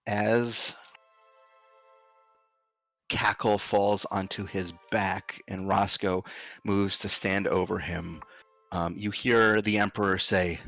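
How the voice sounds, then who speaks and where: A man narrating as game master of a tabletop game, in relaxed speech with frequent ums and uhs. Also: fairly low pitch, takes it slowly, long pauses, faint music behind.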